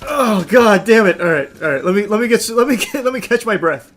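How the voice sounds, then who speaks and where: A man hosting an online video, giving a dry film review and loud gameplay commentary. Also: high voice, a little fast, soft background music. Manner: dry, flat delivery that breaks into loud excited yelling.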